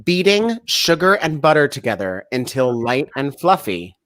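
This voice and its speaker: Give me a man hosting a playful quiz over a video call, with lively, swooping intonation. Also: on the high side, moderate pace, dry recording, studio quality. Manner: reads out multiple-choice questions, laughs easily. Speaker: host. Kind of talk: quiz-style casual chat.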